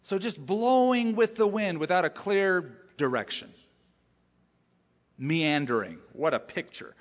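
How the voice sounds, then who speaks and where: A male pastor delivers a sermon in an easy, conversational style, often turning to rhetorical questions. His voice sits a little higher than most men's. It echoes with the long reverb of a large church sanctuary. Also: lively intonation, a little slow.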